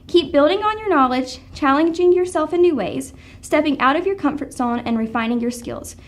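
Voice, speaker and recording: Young woman giving a bright, earnest graduation speech. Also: high-pitched, lively intonation, normal speed. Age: young adult. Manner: earnest, encouraging, read from script. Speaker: graduating student speaker.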